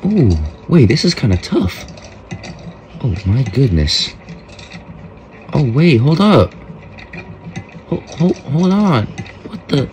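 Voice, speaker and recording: A man's voice: medium pitch, sing-song, slow, long pauses, a little mellow, slight background noise. A man casually commenting on a mobile game, joking, mock-talking to kids and often trailing off mid-sentence. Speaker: gameplay host.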